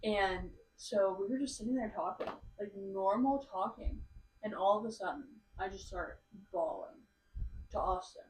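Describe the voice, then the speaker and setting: A woman's voice: medium pitch, unhurried, distant mic, slight background noise. A young adult woman, a podcast guest, chatting casually and rambling through a story with lots of filler words. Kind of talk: casual chat. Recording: roomy sound from off mic.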